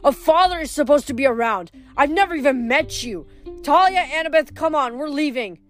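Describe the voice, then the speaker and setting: A woman's voice: high-pitched, expressive, fairly quick, soft background music, pitched above the performer's own voice. A woman reading aloud, voicing a hurt, angry teenage boy who speaks bitterly with a raised voice.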